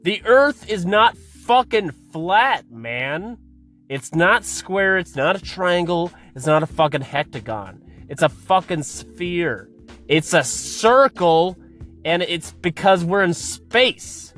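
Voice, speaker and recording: A man's voice: sits high, expressive, slow, fairly bright tone, soft background music. A man hosting a podcast, delivering a profane comedic rant in an exasperated, swearing manner. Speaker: podcast host.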